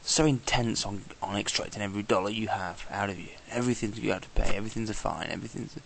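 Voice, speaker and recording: A man's voice: lowish voice, quick pace, gravelly, a bit bright, a little hiss or hum. A man talking casually in a travel vlog, exasperated and swearing, often imitating the people he met. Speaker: traveller vlogger.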